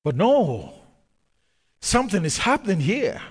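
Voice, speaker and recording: A man preaching with a lively, swooping delivery, drawing words out slowly and breaking into sudden emphatic bursts. His voice sits a little high, and it rings out with a long reverb in a large hall. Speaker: pastor. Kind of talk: sermon.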